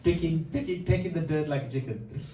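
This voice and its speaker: A man spins a loose, chuckling story between songs, his voice mellow and unhurried. He sounds set back from the mic, with the room ringing around him and a faint hum of ambience underneath. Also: a little high. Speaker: musician introducing a song. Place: live performance room. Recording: roomy live sound from a distance.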